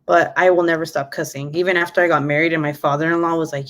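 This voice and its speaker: A woman's voice: low voice, fairly even intonation, very fast. A woman in her twenties chatting casually on her live stream, cussing freely and laughing often. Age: 20s. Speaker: YouTuber.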